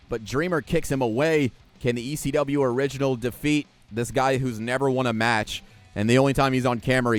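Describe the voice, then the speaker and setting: A man giving play-by-play wrestling commentary over a video game, sarcastic and jokey and swearing freely. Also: medium pitch. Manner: jokey, laughs at what he describes.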